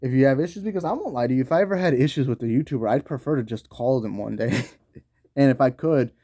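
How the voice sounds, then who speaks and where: A man's voice: mid-range voice, quick pace, mellow, no room sound, clean studio sound. A man delivering a heated, profanity-laced commentary rant on video, talking in slang. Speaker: YouTube commentator.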